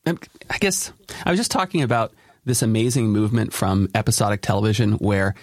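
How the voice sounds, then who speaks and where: A man hosting a daily podcast, chatting casually with a colleague. He talks in a quick rush and laughs often. His voice is dry and close, with no room around it. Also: lowish voice, no room sound. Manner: fast, animated, laughs often. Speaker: podcast host. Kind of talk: casual chat.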